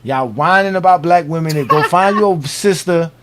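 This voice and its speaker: Male stream host from Miami, high-pitched, slangy casual delivery. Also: moderate pace, background noise. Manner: loose, animated, slangy sign-off talk. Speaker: host of a live sports show. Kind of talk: casual live-stream chat.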